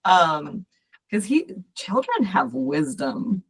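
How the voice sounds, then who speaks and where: A woman's voice: mid-range voice, big pitch swings, takes it slowly, gravelly, breathy edge. A woman hosting a podcast as a coach, talking casually and encouraging her listeners directly.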